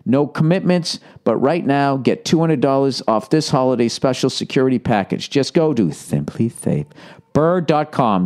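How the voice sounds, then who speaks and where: A man's voice: mid-range voice, darkish tone. A man, hosting a podcast and reading ads sarcastically, riffing off the copy with swearing. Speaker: podcast host. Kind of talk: casual podcast ad read.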